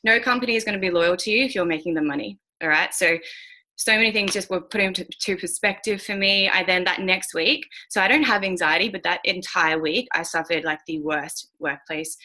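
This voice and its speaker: Blunt woman, bright lower voice. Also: brisk. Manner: frank and blunt, swears, many fillers. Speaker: guest speaker mentoring traders. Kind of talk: candid motivational talk on a call.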